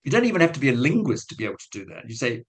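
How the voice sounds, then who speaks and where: A man's voice: medium pitch, big pitch swings, very fast, poor audio. A man giving a webinar talk to teachers, telling a classroom story in a chatty, self-mocking way with acted-out quotes. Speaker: guest speaker on language teaching.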